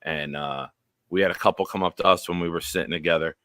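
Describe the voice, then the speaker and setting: Excitable low-voiced male show host. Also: fast, dry recording, studio quality. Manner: excitable, bursts into loud sing-song chants; shout-outs to viewers by name. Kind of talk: live-streamed sports chat.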